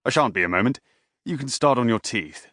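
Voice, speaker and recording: A man's voice: medium pitch, lively intonation, brisk, fairly bright tone, dry recording, studio quality, voice pushed up, lightly acted. A man voicing a stocky, fussy father in his early fifties who chides his son in a reproachful way.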